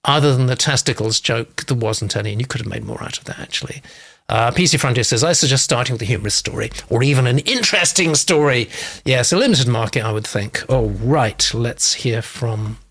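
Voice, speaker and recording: A man's voice: medium pitch, a little fast, a bit bright. A man hosting a casual live stream, reading out viewer comments and reacting in a chatty way with frequent laughs.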